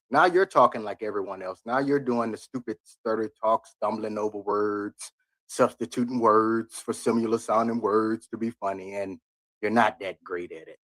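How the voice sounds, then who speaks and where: A man's voice: lowish voice, sharp tone, dry recording. A man on a live stream giving blunt, critical commentary in rambling asides as he reacts to a video.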